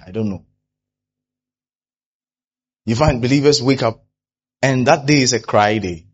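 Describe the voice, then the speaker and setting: A pastor preaching a sermon, animated, who often acts out the people he quotes. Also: mid-range voice, unhurried, pauses often, husky, lo-fi sound.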